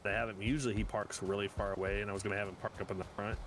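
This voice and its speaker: A man in his forties, a streamer telling animated, exasperated stories in casual chat while gaming, with some swearing. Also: fairly low pitch, racing, slight background noise.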